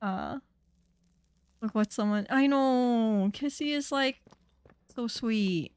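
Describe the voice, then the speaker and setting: A woman's voice: on the high side, takes it slowly, clean tone. A young woman streamer giving casual, chatty gaming commentary that turns indignant and rambling.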